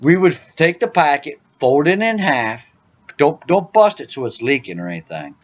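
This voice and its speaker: A man's voice: on the high side, big pitch swings, moderate pace, muffled recording. A man hosting a casual podcast, telling joking stories and saying "dude" a lot. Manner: loud joking storyteller, says "dude" a lot. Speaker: podcast host. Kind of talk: casual gaming podcast chat.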